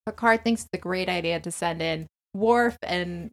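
A woman's voice: lowish voice, moderate pace, gravelly. A woman co-hosting a casual chat, cracking playful, teasing jokes. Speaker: podcast co-host. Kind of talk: casual chat recapping a TV episode.

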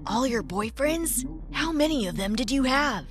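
A woman's voice: high voice, expressive, moderate pace, music in the background. A woman voicing a nervous, curious teenage boy, talking hesitantly. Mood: uneasy.

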